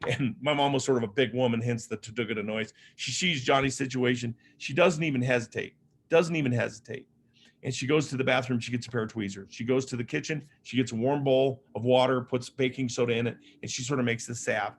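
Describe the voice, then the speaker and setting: Man, motivational speaker, middle pitch, humorous storytelling, conversational, faint background noise. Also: steady tone, a little fast. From Las Vegas, Nevada, USA. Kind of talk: storytelling keynote talk.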